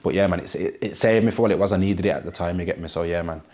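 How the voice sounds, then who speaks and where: Man, young adult, Wolverhampton accent, low pitch, rapper, casual interview, street slang. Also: racing, darkish tone. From Wolverhampton, England. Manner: slangy street talk, constant "you get me" tags.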